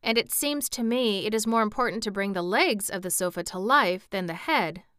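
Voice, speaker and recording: A woman voicing an anxious, high-strung young boy in a storybook reading. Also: moderate pace, a bit bright, clear, resonant tone, no room sound, studio quality, natural voice.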